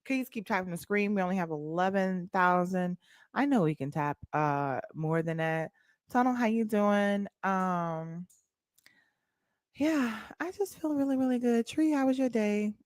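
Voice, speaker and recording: A woman's voice: mid-range voice, animated, unhurried, dry recording, clean studio sound. A young woman with an African American Vernacular English accent, hosting a casual livestream and talking back to her chat in a sassy way. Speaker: livestream host.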